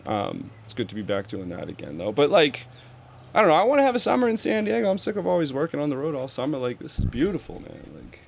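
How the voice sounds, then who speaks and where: A man's voice: a little high, big pitch swings, fast talker, gravelly, slightly rough. A man in his thirties, a touring roadie and musician, chatting as a podcast guest in a laid-back, profane and self-deprecating way. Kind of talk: casual interview chat.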